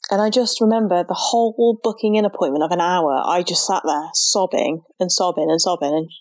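A woman's voice: lowish voice, a little fast, a little mellow, dry recording. A young woman, telling her personal story in an interview in an earnest, heartfelt way, with many "like" fillers. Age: young adult. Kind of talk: emotional personal account.

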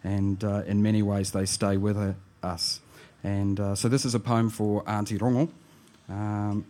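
A man, a poet introducing and reading his poems, soft-spoken and reflective. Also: fairly low pitch, level tone, moderate pace. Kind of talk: live poetry reading.

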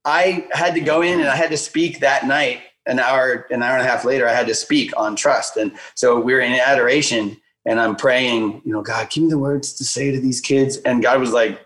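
Man, casual storytelling, animated, lots of fillers, acts out quotes, medium-pitched voice. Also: normal speed, few pauses, low-quality recording. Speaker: guest speaker.

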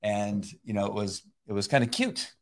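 A middle-aged man chatting casually about faith, rambling with many halting restarts and frequent laughs. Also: lowish voice. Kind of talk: casual conversation.

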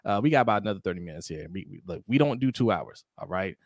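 A man hosting a casual sports talk show, animated and jokey, acting out quotes in high voices. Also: quick pace, dry recording, clean studio sound. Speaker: podcast host.

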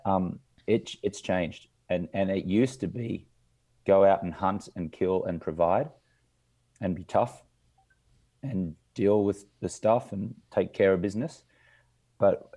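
Deep, mellow-voiced male podcast host. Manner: measured, hesitant, many ums and restarts. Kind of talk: casual interview.

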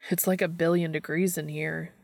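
A woman voicing a teasing, affectionate young man as she reads a story aloud, gently wry. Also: deep voice, level tone, moderate pace, vocal fry, no echo, clean studio sound. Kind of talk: audiobook fiction reading.

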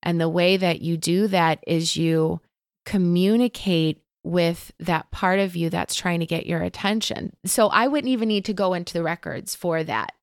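A woman teaching about Akashic Records in a casual interview, talking gently and openly, telling stories with many fillers. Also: on the low side, fairly even intonation, moderate pace, dry recording, clean studio sound. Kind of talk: casual spiritual chat.

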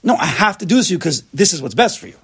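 A man leading an informal religious class, animated and full of rhetorical questions. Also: on the high side, very fast, gravelly, slightly rough. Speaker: Torah class teacher.

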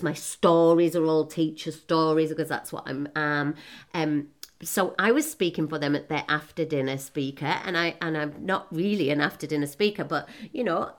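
Chatty laughing woman in her forties. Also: low-pitched. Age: 40s. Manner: chatty, self-mocking, laughs often, quick asides. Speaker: motivational speaker. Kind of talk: casual personal talk to an audience.

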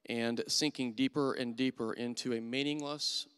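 A man's voice: medium pitch, fairly even intonation, moderate pace, fairly bright tone, clear, resonant tone. Man preaching in a reverberant hall. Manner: candid, self-deprecating storytelling. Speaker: church elder preaching. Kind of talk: sermon.

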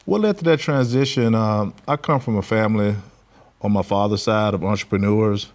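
A man from Louisiana, a construction business owner, answering interview questions with many hesitant pauses. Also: on the low side, darkish tone. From Louisiana, USA. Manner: halting, many filler pauses.

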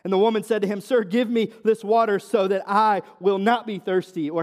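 A high-voiced man preaches a sermon with earnest drive, stumbling into restarts and filler words as he builds each point. On quoted scripture he slows and sinks to a soft, low murmur. His voice rings with the long reverb of a church hall. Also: fairly even intonation. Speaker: pastor.

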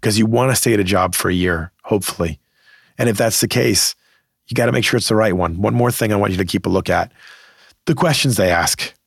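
A middle-aged man from the Boston area talks through career advice on his podcast in a fairly low, gravelly voice. His delivery is conversational and emphatic, and he acts out the people he quotes. The sound is close and dry, with no room around it. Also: fairly quick, dry recording.

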